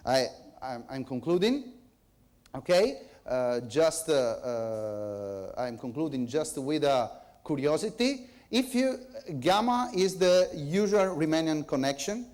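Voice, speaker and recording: A man giving an academic conference lecture, speaking haltingly and hesitantly. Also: fairly high pitch, big pitch swings, darkish tone. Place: lecture hall.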